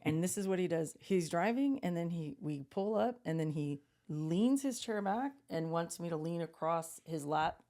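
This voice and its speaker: A woman co-hosting a podcast in a studio, telling stories in a casual, animated way and acting out quotes. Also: on the low side, normal speed, hardly any pauses. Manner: animated storyteller, acts out quotes. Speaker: podcast co-host.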